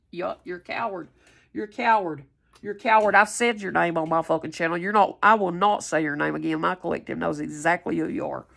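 A woman's voice: mid-range voice, brisk, gravelly, a bit bright. An angry woman, ranting at her viewers in a heated, profane, confrontational way. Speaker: tarot reader vlogger.

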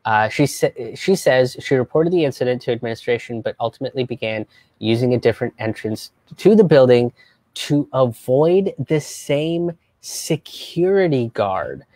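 A young man hosting a live stream as a comedian, talking in a casual, animated, profane way and slipping into mocking voices. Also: medium pitch, normal speed, dry recording. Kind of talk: casual livestream commentary.

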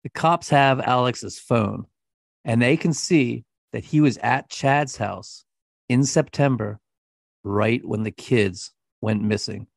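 A man's voice: mid-range voice, slow pace, vocal fry, no room sound, clean studio sound. A man co-hosting a podcast, telling a true-crime story in a blunt, profane, scornful way. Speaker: podcast co-host.

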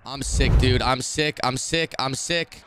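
A young man streaming a football video game, commenting live, swearing and swinging between muttered complaints and shouted reactions. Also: medium pitch, steady tone, measured pace, noisy background. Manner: profane trash talk.

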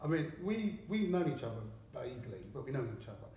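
Man from england, rambling sweary storyteller, slightly high voice, very echoey room, distant mic. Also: sing-song, fast, warm tone. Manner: rambling, sweary, laughs often while telling stories. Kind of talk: casual gallery talk. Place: art gallery, indoors. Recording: very echoey room, mic far off, faint background noise.

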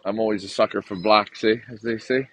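A man's voice: on the low side, fairly even intonation, brisk, noisy background. Chatty gum-chewing man vlogging a market. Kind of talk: casual walk-around vlog. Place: outdoor pigeon market. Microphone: handheld phone camera.

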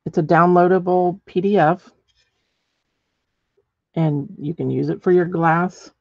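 Gravelly middle-aged woman instructor, chatty demo host, dry muffled recording. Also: fairly low pitch, steady tone, measured pace, no room sound. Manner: chatty, thinks aloud while working, many ums. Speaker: ceramics painting instructor. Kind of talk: live painting demonstration.

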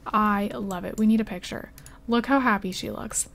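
A young woman giving casual let's play commentary as a gaming channel host, excitable and exclaiming often as she talks to her game characters. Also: medium pitch, normal speed, creaky.

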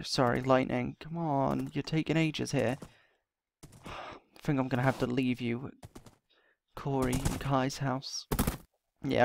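A roleplay series host, playing his character in a game, mutters and sighs to himself, then begs urgently while short of breath. The male voice is gravelly and medium in pitch, with a little hiss or hum on the recording.

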